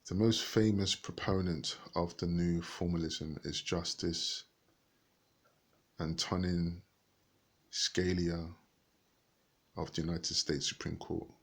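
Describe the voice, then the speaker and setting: A man reading a book aloud haltingly, stopping to look up words and rereading passages. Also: low-pitched, steady tone. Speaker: reader.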